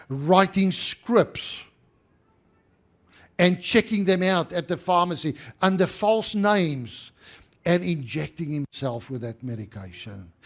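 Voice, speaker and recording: A man preaching a sermon as pastor, rising to emphatic stress and dropping to hushed tones. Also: high-pitched.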